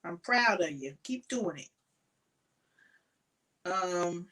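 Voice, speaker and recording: A woman's voice: lowish voice, expressive, extremely slow, a bit bright, rough recording. A woman hosting a casual crochet livestream from her home craft shed, chatting to viewers by name, tired and sleepy, with frequent ums.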